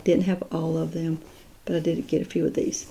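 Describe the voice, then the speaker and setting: A woman's voice: sits low, monotone, brisk, creaky, mellow, a little hiss or hum. A woman chatting casually as she shows off her doll collection, admiring each piece and thinking aloud. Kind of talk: casual unboxing chat.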